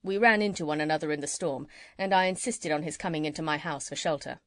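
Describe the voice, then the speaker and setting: A woman reading an audiobook and voicing a kind, curious male doctor with polite, gentle questions. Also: deep voice, fast talker, no room sound, clean studio sound. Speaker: audiobook reader.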